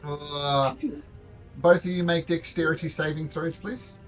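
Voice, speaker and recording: A man running a tabletop game as game master, narrating in a halting way with many fillers and repeated words. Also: a little high, steady tone, faint music behind.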